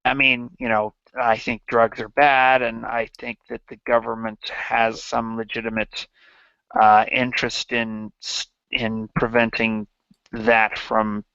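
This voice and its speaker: Gravelly man rambling on a livestream. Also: medium pitch, little pitch movement, bright, forceful tone, dry recording, dull audio. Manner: halting and rambling, many restarts. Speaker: livestream host. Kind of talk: casual satirical chat.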